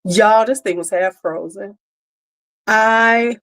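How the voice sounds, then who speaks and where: A woman hosting a casual birthday livestream, chatting with her viewers and greeting them by name in an animated, talkative way. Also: mid-range voice, measured pace, long pauses. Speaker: livestream host.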